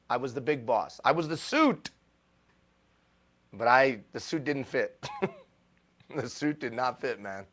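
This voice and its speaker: A male motivational speaker giving a live keynote talk, animated and self-deprecating, repeating phrases for emphasis. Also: medium pitch. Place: stage before a live audience.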